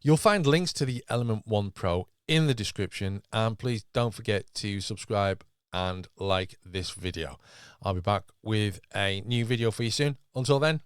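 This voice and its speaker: A man reading a scripted product review as a voice-over, in a smooth, even delivery. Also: fairly low pitch, normal speed, dry recording, clean studio sound. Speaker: tech reviewer.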